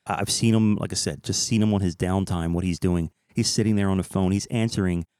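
Male host, low voice, enthusiastic casual commentary, dry sound. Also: fairly even intonation, brisk, darkish tone, dry recording. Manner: enthusiastic, admiring. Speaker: podcast host.

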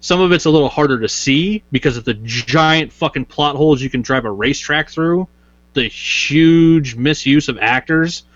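A man's voice: on the high side, normal speed, fairly bright tone, no echo. A man co-hosting a podcast in casual chat, blunt and opinionated, swearing at times. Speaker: podcast co-host. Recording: slightly dull dry sound.

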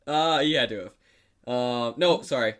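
A young man in casual podcast chat, rambling and laughing as he goes. His pitch sits in the middle of the male range. He drops swear words easily between his fillers. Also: a little slow, fairly bright tone. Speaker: podcast co-host.

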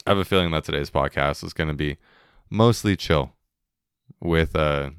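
A man's voice: rumbling low, normal speed, smooth, dry recording, studio quality. A young man hosting his own podcast in a loose, joking solo chat, swearing and laughing as he goes. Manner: laid-back, joking, swearing, laughing often. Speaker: podcast host.

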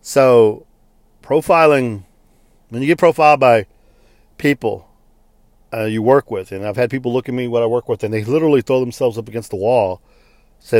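A man's voice: medium pitch, normal speed, pauses often, a little mellow, dry recording. Frank-talking man from Texas, dry sound. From Texas, United States. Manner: frank, conversational, with blunt swearing. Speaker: interviewee. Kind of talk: personal storytelling.

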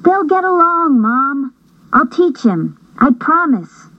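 A woman's voice: sits high, big pitch swings, slow, no echo, muffled recording, voice pushed up, exaggerated voice. A woman voicing an eager young girl who begs her mother in a breathless voice. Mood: pleading.

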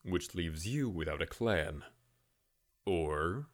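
A man's voice: low voice, lively intonation, slow pace. A man voicing a cold, commanding warrior captain who speaks with mocking menace.

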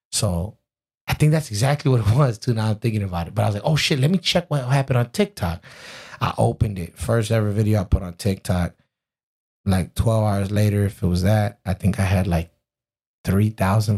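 A man, a rapper, telling a profane, animated story about his career in casual conversation. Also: lowish voice, gravelly, husky. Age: adult with a twenty-year-old stepdaughter. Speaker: rapper guest.

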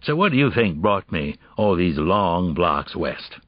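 A man's voice: sits low, big pitch swings, a little slow, dry recording. A man voicing a sardonic, brilliant middle-aged male criminalist who lectures in a dry, impatient way, in an audiobook. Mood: wry. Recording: dull, dry audiobook recording.

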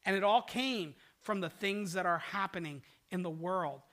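An older man, a pastor, preaching a sermon and telling stories, swinging between loud outbursts and hushed, quiet passages. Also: sits high, moderate pace.

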